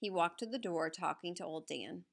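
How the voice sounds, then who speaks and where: A woman narrating a novel aloud in the first person with a steady storytelling read. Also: lowish voice, normal speed, vocal fry. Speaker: audiobook narrator.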